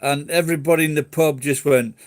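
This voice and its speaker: Brief: English man, casual rambling chat, swears a lot, slightly high voice, dry sound. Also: fairly even intonation, a little fast, dry recording. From England. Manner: rambling, swears freely, laughs easily.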